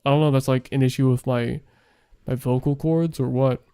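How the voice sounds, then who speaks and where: A man's voice: mid-range voice, fairly even intonation, brisk, dark tone, clean tone. Rambling young man streaming late. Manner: rambling, heavy on fillers. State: voice worn out late at night. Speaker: streamer and game developer. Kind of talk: casual gaming stream chat.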